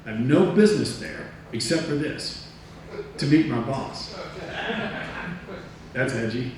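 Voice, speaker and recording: A man giving a talk, telling a story from his career in a lively way, acting out other people's lines and laughing at himself. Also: medium pitch, measured pace. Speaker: motivational speaker. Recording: echoey room, distant mic, faint noise.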